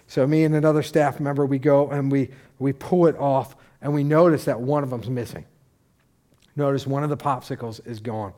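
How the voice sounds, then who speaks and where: A middle-aged male pastor tells a story during his sermon, casual and animated, with asides and restarts along the way. His pitch is medium and his pace fairly quick.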